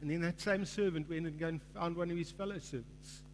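A male pastor delivers a sermon in a hall with a long, ringing reverb. His voice sits high, and he builds in fervor, acting out the voices in a parable. A faint mains hum runs underneath. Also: fairly even intonation, brisk. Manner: preaching with rising fervor, acts out quoted voices in a parable.

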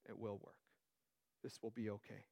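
A man's voice: on the low side, fairly even intonation, moderate pace, gravelly, muffled recording. A man teaching through a Bible passage in a conversational way, with joking asides.

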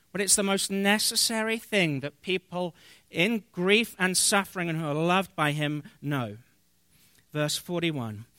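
A man preaching a sermon as pastor, reading scripture aloud and explaining it earnestly, with pauses and fillers. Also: sits high, sharp tone, dry recording, studio quality.

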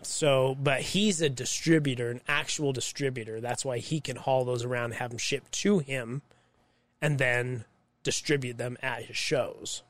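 A man's voice: mid-range voice, steady tone, normal speed, a bit bright, no echo. Profane man telling work stories. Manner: profane, storytelling with acted quotes. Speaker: podcast co-host. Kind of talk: casual chat.

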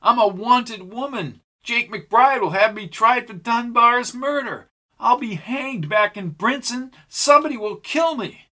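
A man voicing Pam, a hardened, sharp-tongued outlaw woman in an audiobook western, with a raised, defiant voice. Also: extremely high pitch, a little slow, voice pushed up, exaggerated voice. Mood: urgent.

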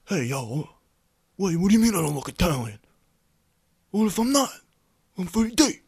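A man voicing a brash, angry Italian-American tough guy with a raised, forceful voice. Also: high-pitched, sing-song, moderate pace, vocal fry, husky, dry recording, studio quality, voice pushed up, exaggerated voice. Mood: defiant.

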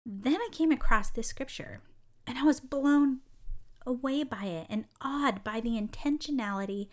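Bubbly, animated woman podcast host. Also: fairly high pitch, moderate pace. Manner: animated and bubbly, laughs often. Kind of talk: casual storytelling monologue.

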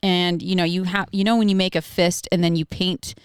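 A woman's voice: on the low side, flat delivery, a little fast, smooth, dry recording, clean studio sound. A woman co-hosting a podcast, chatting casually about her kids, rambling and laughing often. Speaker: podcast co-host. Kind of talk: casual chat.

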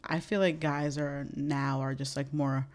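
A woman's voice: extremely low pitch, level tone, a little slow, a little mellow. A woman in casual podcast chat, candid and swearing freely, with lots of "like" fillers.

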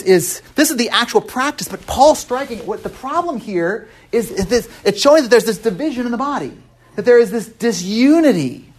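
A man preaching a casual, interactive sermon, walking through a text and quizzing the congregation with frequent "right?" tags and restarts. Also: high-pitched. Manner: conversational, asks the congregation questions. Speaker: pastor.

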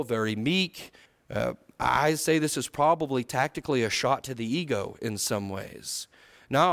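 A man preaching a sermon, reading Bible verses and paraphrasing them in conversational words, moving between quiet reflection and fervent emphasis. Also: medium pitch.

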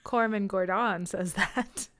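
A woman co-hosting a book podcast in casual chat, sarcastic and quick to laugh as she retells the plot. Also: medium pitch, fairly bright tone. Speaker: podcast co-host.

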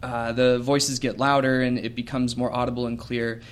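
A man's voice: medium pitch, little pitch movement, normal speed. Man narrating a tabletop game. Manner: hesitant, many fillers and restarts. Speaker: game master.

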